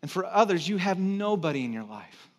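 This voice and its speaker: A man with a high voice preaches in a church, a middle-aged pastor who tells stories in a lively, theatrical way. He acts out moments with sudden loud bursts, then drops low and slow when he makes a serious point. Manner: animated storytelling, acts out his own panic with sudden loud exclamations. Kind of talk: sermon.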